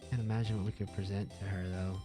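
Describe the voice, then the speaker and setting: A man's voice: low voice, flat delivery, fast talker. A man giving casual commentary as he plays a story game. His asides are dry and muttered, with game music running underneath. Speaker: game streamer.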